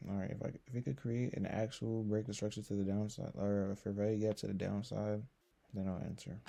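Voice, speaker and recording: Young guy, slightly low voice, tired, narrating his trades in slangy casual chat, mutters and then curses loudly. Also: creaky, husky. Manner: swings from low muttering to loud exclamations, swears often; slangy, filler-heavy talk. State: tired from little sleep. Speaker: day trader streaming his session. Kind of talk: casual live trading commentary.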